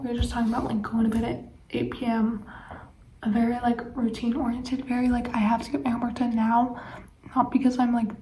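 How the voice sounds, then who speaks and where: A woman's voice: on the high side, darkish tone, slight background noise. A teenage girl vlogging late at night, tired, rambling with lots of fillers and often dropping to a whisper. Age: teens. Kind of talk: late-night casual chat to camera.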